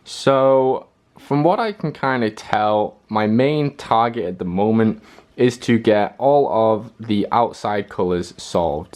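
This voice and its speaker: Hesitant man thinking aloud, low voice. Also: darkish tone. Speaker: puzzle-solving video host. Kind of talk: casual thinking-aloud puzzle solve.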